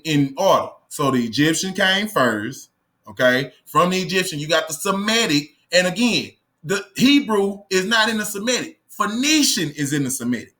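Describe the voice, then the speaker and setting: A man's voice: sits high, pushed and bright. A man hosting his own channel, giving heated, profane commentary full of rhetorical questions while reading aloud from a screen. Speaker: channel host.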